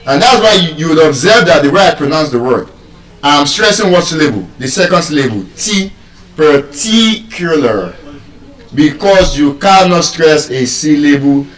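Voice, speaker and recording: Animated Nigerian man lecturing on stage. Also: fairly high pitch, moderate pace, reverberant, recorded from a distance, low-quality recording. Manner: animated, quizzes the audience, spells words letter by letter. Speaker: public speaker teaching pronunciation. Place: live stage before an audience.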